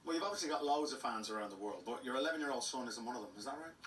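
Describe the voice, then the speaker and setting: A man co-hosting a casual interview, upbeat and quick with short replies. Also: mid-range voice, lively intonation, a bit bright, slight background noise. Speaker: co-host. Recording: roomy studio heard from a distance.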